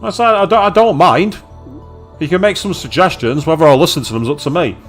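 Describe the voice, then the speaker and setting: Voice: mid-range voice, brisk, soft background music. A streamer playing a visual novel blind, reading it aloud and chatting to viewers. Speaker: let's play streamer.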